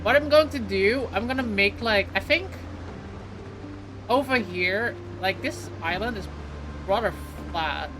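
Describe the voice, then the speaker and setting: A woman's voice: medium pitch, expressive, unhurried, music in the background, low-quality recording. A young adult woman streaming a game live, chatting casually and playfully with lots of "like" fillers. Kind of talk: casual live gameplay chat.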